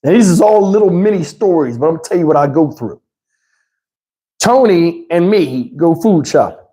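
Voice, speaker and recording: A middle-aged man tells a profane, animated story to his livestream chat. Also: moderate pace. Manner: animated, profane, swings into high voices to mimic others. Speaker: livestream host.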